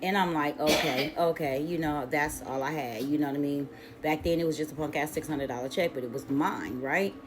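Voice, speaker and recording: A middle-aged woman casually telling a story on her channel, animated and profane, full of slang and acting out other people's lines. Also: low voice, a little fast, noisy background. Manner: animated, profane, slangy, acts out quoted voices.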